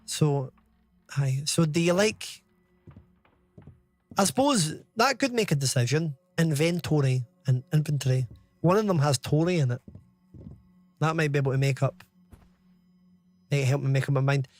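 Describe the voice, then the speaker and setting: A man's voice: a little high, animated, normal speed, long pauses, no echo, faint music behind. A Scottish man in his thirties giving chatty live commentary while streaming a game, reading out chat and swearing casually. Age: 30s.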